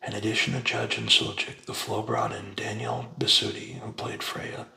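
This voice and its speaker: A man reads aloud in a hushed, unhurried ASMR whisper, his low voice heavily gravelly and sharp-edged. The sound is roomy, with a noticeable echo around it. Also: little pitch movement. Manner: soft, unhurried whispered reading. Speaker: ASMR reader. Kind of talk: whispered ASMR book reading.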